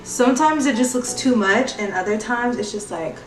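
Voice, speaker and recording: A woman's voice: a little high, moderate pace, faint music behind. Woman, beauty vlogger, chatty sing-song tutorial voice, distant mic, echoey room. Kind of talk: casual makeup tutorial.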